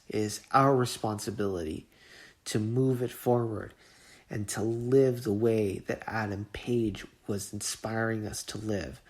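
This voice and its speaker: A man's voice: lowish voice, darkish tone. A man hosting his own podcast, giving an earnest, emotional monologue and often repeating and restarting his words. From Southern California. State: getting emotional. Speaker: podcast host.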